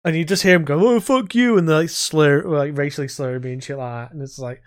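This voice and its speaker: A man's voice: fairly high pitch, fast. Foul-mouthed, rambling male podcaster. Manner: rambling, heavy swearing, animated storytelling. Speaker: podcast co-host. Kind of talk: casual gaming chat.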